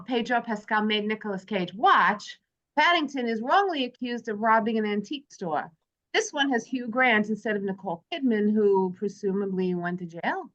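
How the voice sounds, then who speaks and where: A woman's voice: on the high side, fairly bright tone. A woman hosting a casual movie club chat, reading from her notes and joking with friends. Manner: chatty, jokey, reads from prepared notes. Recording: dull lo-fi sound.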